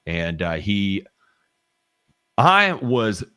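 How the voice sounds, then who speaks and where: A man's voice: fairly low pitch, very animated, very slow, pushed and bright, clear, resonant tone, no room sound, studio quality. A middle-aged man with a Southern US accent, telling work stories in casual chat, rambling with restarts and blunt swearing. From American South. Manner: rambling, frequent restarts and fillers, candid with swearing.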